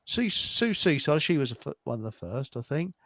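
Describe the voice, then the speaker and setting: A man's voice: on the high side, big pitch swings, normal speed, fairly bright tone. An English man co-hosting a casual live stream, reading out listener comments with jokes and trailing mumbles. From England. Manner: jokey, chatty, trails off into mumbles.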